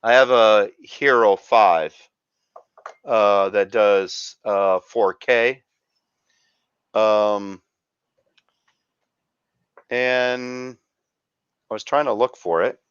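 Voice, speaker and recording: A man's voice: fairly low pitch, steady tone, extremely slow, long pauses, fairly bright tone, clean tone, no echo. A man hosting a casual chat show, rambling through camera gear with lots of fillers. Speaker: show host. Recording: dull lo-fi dry sound.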